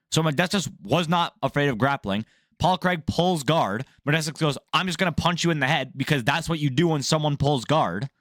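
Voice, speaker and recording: A medium-pitched young man rants about MMA news in a studio-quality recording free of echo. Casual and animated, he offers blunt, profanity-laced opinions.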